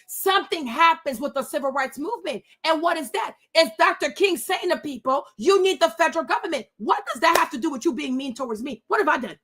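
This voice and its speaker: High-pitched woman ranting indignantly. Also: lively intonation, fairly quick, hardly any pauses, fairly bright tone. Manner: indignant, repeats rhetorical questions, swears. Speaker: livestream host. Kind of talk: heated livestream rant. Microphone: webcam.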